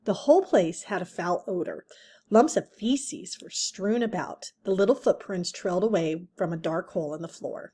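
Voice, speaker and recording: A woman's voice: on the low side, expressive, moderate pace, mellow, slightly rough. A woman reading a children's book aloud, adding chatty asides and correcting her own slips. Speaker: reader.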